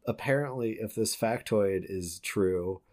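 Deep-voiced man rambling on a podcast. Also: measured pace, darkish tone. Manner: rambling, stumbles and restarts, laughs often. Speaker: podcast co-host. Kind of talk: casual chat.

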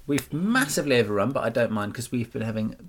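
A man with a Norfolk accent chatting casually as a podcast co-host. He talks in a slow, relaxed drawl, clear but never clipped, at an ordinary middle pitch. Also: slight background noise. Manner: slow drawl, enunciated but unclipped words. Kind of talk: casual chat.

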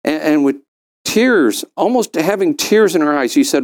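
Middle-aged man, animated group speaker, slightly higher voice, raises it for quoted lines. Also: moderate pace. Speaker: speaker at a business mastermind. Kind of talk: storytelling talk to a group.

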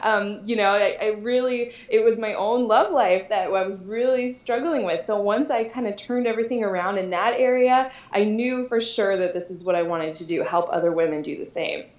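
A woman's voice: medium pitch, moderate pace, few pauses, a little mellow, dull audio. Bubbly laughing woman on a roomy line. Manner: bubbly, laughs often, many restarts. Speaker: podcast guest, dating coach. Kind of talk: casual interview chat.

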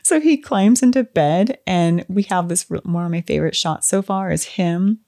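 A woman's voice: on the low side, normal speed. A woman co-hosting a casual movie review, animatedly retelling scenes and acting out the characters' lines. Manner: animated, acts out characters' lines while recapping. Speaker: podcast co-host.

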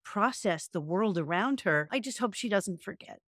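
Expressive woman podcast host telling stories. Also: mid-range voice, normal speed, dry recording, clean studio sound. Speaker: podcast co-host, yoga and meditation teacher. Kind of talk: casual podcast chat.

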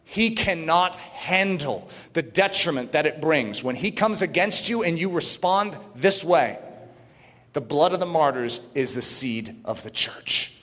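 Male preacher, high voice, fervent sermon delivery with shouted peaks, big hall reverb. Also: expressive, unhurried. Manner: reads quotes aloud, adds asides.

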